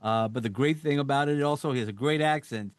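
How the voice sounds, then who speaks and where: An upbeat man with a New York accent opens the show and welcomes his guest in a friendly, chatty way. His voice is mid-pitched and recorded dry and close, with no room sound. He leans on "you know" as he talks. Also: fast, no room sound. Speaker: podcast host. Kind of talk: casual interview chat.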